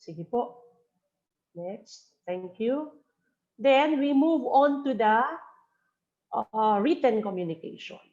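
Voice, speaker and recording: A woman's voice: a little high, expressive, takes it slowly, long pauses, darkish tone, highs cut off. A woman trainer from the Philippines, giving a webinar lecture and often checking in with "okay?" while switching between English and Bicol. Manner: mixes English with local Bicol phrases, frequent "okay?" checks. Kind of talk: webinar lecture on phone and letter etiquette.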